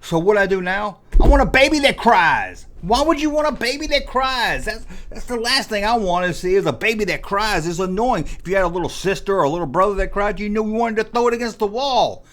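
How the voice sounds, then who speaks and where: A man's voice: high-pitched, animated, a little fast, hardly any pauses, a bit bright. A man in his forties hosting a comedic rant, sarcastic and full of mock exasperation. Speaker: host.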